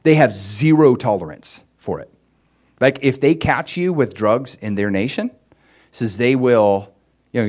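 A man preaching a sermon in a casual, animated storytelling way, with lots of fillers and sudden rises in pitch and volume for emphasis. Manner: animated storytelling, chatty fillers, swings loud and high for emphasis.

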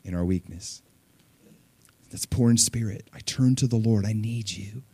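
A man preaching a sermon, conversational with fillers and small laughs, rising to loud peaks and dropping to hushed asides. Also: on the low side, moderate pace, husky, no room sound. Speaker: pastor.

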